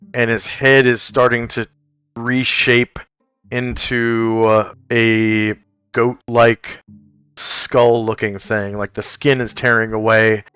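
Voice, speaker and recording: A man running a tabletop game as game master, narrating the scene and explaining rules in a casual, halting way full of fillers. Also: mid-range voice, a bit bright, clean tone, dry recording.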